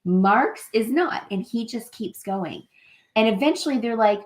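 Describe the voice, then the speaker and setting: A woman's voice: medium pitch, moderate pace. A woman co-hosting a casual live travel chat, telling stories with lots of laughter. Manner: animated storytelling, laughs often.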